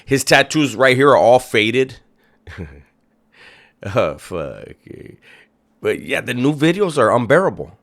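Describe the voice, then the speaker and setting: A man's voice: mid-range voice, big pitch swings, takes it slowly, long pauses, fairly bright tone. A man hosting a reaction video, making sarcastic, profane and mocking commentary. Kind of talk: casual commentary.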